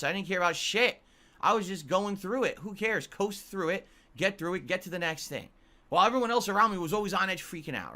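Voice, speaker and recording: A man's voice: a little high, sharp tone. A man, a longtime YouTuber and streamer, ranting to his viewers in a blunt, profane way and often tagging his points with a question. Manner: blunt and profane, keeps asking "right?".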